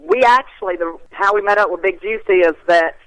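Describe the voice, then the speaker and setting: A woman, a guest in a casual interview, telling stories in a folksy, animated way. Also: mid-range voice, a little fast, low-quality recording. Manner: animated storyteller, folksy, laughs often.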